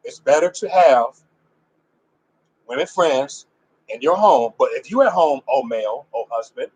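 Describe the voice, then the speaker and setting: A man teaching from scripture. He reads the passage aloud haltingly and stops often for informal asides and explanations. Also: medium pitch, lively intonation, darkish tone, husky, poor audio. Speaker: Bible teacher. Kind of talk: scripture reading with commentary.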